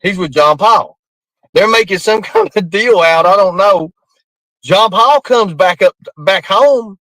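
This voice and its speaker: A man's voice: sits high, unhurried, fairly bright tone, dry recording, rough recording. A man telling a rambling story casually, laughing often and cursing freely. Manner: rambling, laughing through the tale, coarse language.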